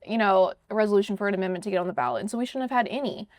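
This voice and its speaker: A woman hosts a politics interview, her voice sitting at an everyday middle pitch. She talks quickly and casually, filling her sentences with "you know" and "like". The sound is dry and close. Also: darkish tone, dry recording. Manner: brisk, conversational, many fillers like "you know" and "like". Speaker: podcast host.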